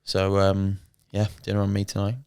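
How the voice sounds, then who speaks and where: A man's voice: deep voice, completely flat delivery, normal speed, vocal fry, a little mellow, clean tone. A young man co-hosting a podcast, bantering casually and swearing freely. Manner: laid-back banter, swears and laughs often. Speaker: podcast co-host. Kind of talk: casual chat.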